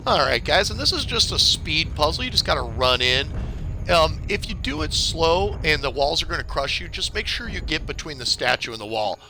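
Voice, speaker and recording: Big pitch swings mark this man's slightly high voice, which moves at a moderate pace over a noisy background. He's a gameplay streamer from California, casually rambling, greeting viewers and chatting with them during a live game walkthrough.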